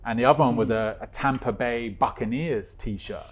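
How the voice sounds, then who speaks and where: A male guest, co-creator of a stage musical, tells an anecdote in a relaxed interview chat. His middle-register, slightly rough voice moves at normal speed, swinging often in pitch and loudness as he gets animated in the story.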